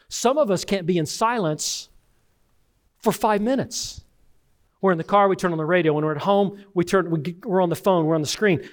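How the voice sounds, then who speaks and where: Male pastor, sermon delivery, somewhat high voice, conversational storytelling with dramatic loud-to-soft swings. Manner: preaching with dramatic swings from loud emphasis to hushed tones; conversational, tells personal stories.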